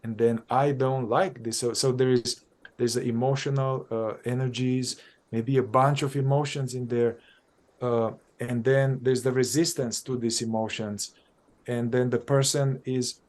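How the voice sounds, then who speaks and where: A man who works as a psychotherapist, talking through his methods in conversation, animated and thinking aloud, often repeating and restarting phrases. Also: medium pitch, measured pace. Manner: animated, acts out exchanges with clients. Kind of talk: conversational dialogue on spiritual practice.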